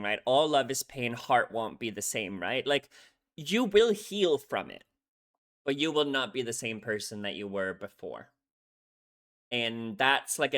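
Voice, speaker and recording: A young man on YouTube reacts to a song, talking through its lyrics in a casual, earnest, emotional way and often checking in with "right?". His voice is mid-range with a sharp tone.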